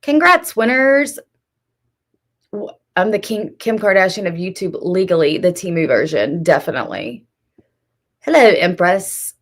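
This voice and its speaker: A woman's voice: lowish voice, lively intonation, normal speed. A woman hosting a live stream, gossiping and calling people out in casual chat. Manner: sassy, gossipy, talks straight to chat. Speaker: streamer host.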